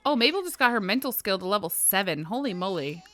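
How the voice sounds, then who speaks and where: A woman's voice: medium pitch, sing-song, fast talker, a bit bright, soft background music. Chatty, giggly woman narrating her gameplay. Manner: chatty, giggly, talks to her game characters. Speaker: gaming video host. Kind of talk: casual let's-play commentary.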